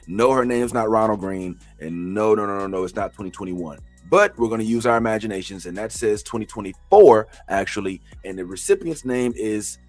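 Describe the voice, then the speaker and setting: A man teaching a tax preparation training class, animated and joking, with sudden preacher-like outbursts. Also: lowish voice, no room sound.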